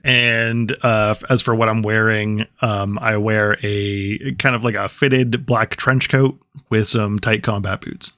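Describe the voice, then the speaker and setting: A man's voice: on the low side, flat delivery, unhurried, hardly any pauses, fairly bright tone, no room sound, clean studio sound. Hesitant man describing his character. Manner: hesitant, self-amused. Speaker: podcast co-host and player. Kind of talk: casual tabletop game chat.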